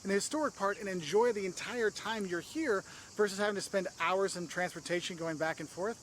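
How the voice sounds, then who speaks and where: A man giving advice to tourists in a travel vlog, energetic and emphatic. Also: sits high, a little fast, a little hiss or hum. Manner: energetic, emphatic, acts out tourists in quoted voices. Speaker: travel video host.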